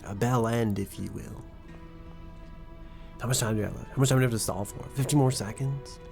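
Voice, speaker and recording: A man's voice: on the low side, fairly quick, gravelly, a little mellow. A young man streaming a game, giving casual, profane, rambling and joking commentary. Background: faint background music.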